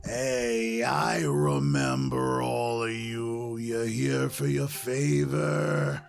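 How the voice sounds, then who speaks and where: A man voicing a friendly, flirty female diner owner with snakes for hair, drawing his words out slowly. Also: medium pitch, gravelly, soft background music, voice pushed down, full character voice.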